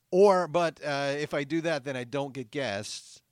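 A man's voice: on the high side, no echo, clean studio sound. A man co-hosting an improvised comedy podcast, eager and flustered with frequent giggles. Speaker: co-host.

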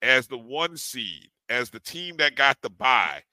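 A man's voice: medium pitch, big pitch swings, a little slow, pushed and bright, no room sound, rough recording. A middle-aged man co-hosting a sports podcast, easygoing, with stammering restarts. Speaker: podcast co-host.

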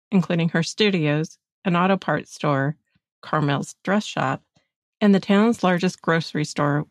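A woman co-hosting a podcast, reading a scripted true-crime narration in a measured way. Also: fairly low pitch, gravelly, no echo. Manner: measured reading, agreeable in chat. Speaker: podcast co-host.

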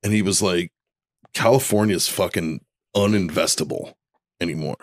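A man's voice: low voice, normal speed, dry recording. A man co-hosting a podcast, chatting casually at a bar and telling stories with plenty of swearing. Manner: profane, animated storytelling. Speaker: podcast co-host.

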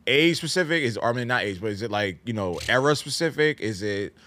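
A quick-talking man in a loose debate with friends, blunt and teasing, with a lively up-and-down pitch. He swears freely and keeps hammering the same questions. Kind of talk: casual debate among friends.

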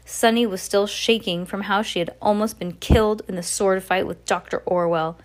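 A woman reading a novel aloud at a steady pace, with small slips and self-corrections. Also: mid-range voice, moderate pace. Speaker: reader.

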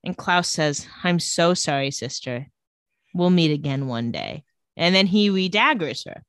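A woman co-hosting a podcast, recapping a TV episode in casual chat and retelling scenes in a flat, lowered voice. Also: unhurried, clean tone, dry recording, clean studio sound.

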